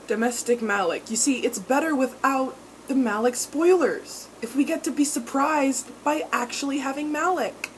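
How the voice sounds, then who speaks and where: A young woman recapping a TV episode in a casual, animated and sweary way, acting out characters in mock voices. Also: a little high, moderate pace, a little hiss or hum. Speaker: TV recap vlogger.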